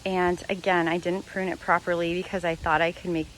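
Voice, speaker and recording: A chatty woman with a somewhat low voice gives a casual tour of her garden and laughs easily as she talks. She films it outdoors on a handheld phone, and faint outdoor noise sits behind her. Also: little pitch movement, brisk. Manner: chatty, laughs often, corrects herself. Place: outdoor home garden, rain starting. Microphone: handheld phone camera while filming.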